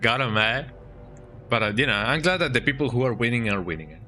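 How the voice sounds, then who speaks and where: A man's voice: mid-range voice, lively intonation, fast talker, sharp tone, a little hiss or hum. A man streaming a video game, rambling and joking in casual commentary, with lots of "eh?" and "you know".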